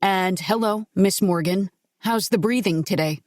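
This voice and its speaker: A woman reading an audiobook, voicing a wry male doctor who complains and teases in a gruff, dry way. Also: medium pitch, measured pace, darkish tone, no room sound, natural voice.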